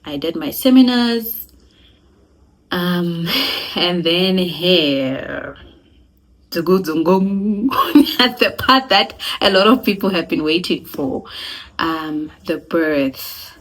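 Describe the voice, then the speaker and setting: A young South African woman with a South African accent, telling her own story in a casual, animated vlog, laughing and switching between languages. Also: on the low side, very slow. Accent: South African (Sesotho-speaking). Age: young adult. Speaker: vlogger.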